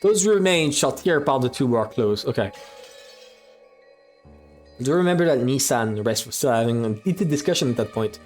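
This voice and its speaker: A man's voice: medium pitch, expressive, fairly quick, long pauses, soft background music. A man streaming himself reading a visual novel aloud, switching between narration and casual, swearing commentary.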